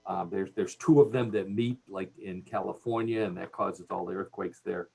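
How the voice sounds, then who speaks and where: A man's voice: low-pitched, fairly even intonation, moderate pace, creaky, darkish tone, husky, faint music behind. A man with a Cleveland accent hosting a radio show, joking and laughing at his own jokes. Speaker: radio host. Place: radio studio.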